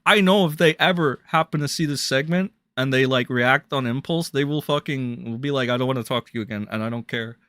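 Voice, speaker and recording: A man's voice: mid-range voice, a little fast, hardly any pauses, no room sound. A young man ranting bluntly and crudely as a drama commentary streamer on a livestream. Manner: blunt, crude, ranting with sudden loud jumps.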